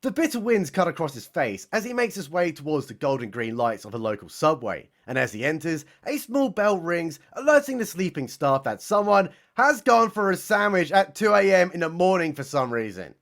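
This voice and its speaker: A man's voice: on the high side, very animated, normal speed, hardly any pauses, fairly bright tone. A man narrating a satirical story in a sarcastic, mocking, theatrical way. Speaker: comedy narrator. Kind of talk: mock-dramatic satirical storytelling.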